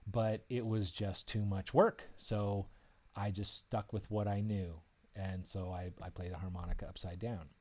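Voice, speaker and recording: A man's voice: low-pitched, little pitch movement, a little slow, darkish tone. A male author telling a casual personal story in a rambling, self-amused way. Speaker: author discussing his book.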